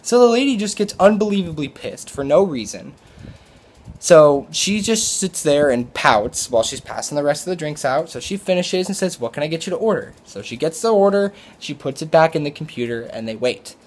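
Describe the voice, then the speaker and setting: A man's voice: on the high side, animated, moderate pace, a little mellow. Rambling young man telling a story. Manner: rambling, with many fillers and restarts. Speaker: restaurant server telling a story. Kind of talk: casual storytelling vlog.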